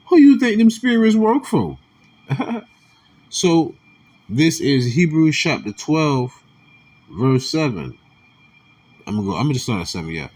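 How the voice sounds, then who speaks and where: A man giving casual religious commentary, reading scripture aloud with slang and quiet muttered asides. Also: fairly low pitch, slightly rough.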